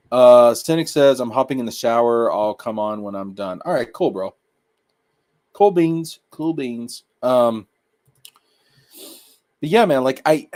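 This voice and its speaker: Male stream host, mid-pitch, casual slangy anime commentary, repeats lines for emphasis. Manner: excitable, repeats himself, slangy.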